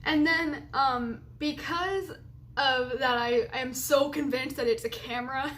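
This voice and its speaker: A young woman in her late teens chats her way through a casual vlog, rambling from one thought to the next and laughing often along the way. Her voice sits a little high, with a faint hiss of noise under it. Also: a little slow, a bit bright. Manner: rambling, chatty, laughs often between remarks. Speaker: vlogger.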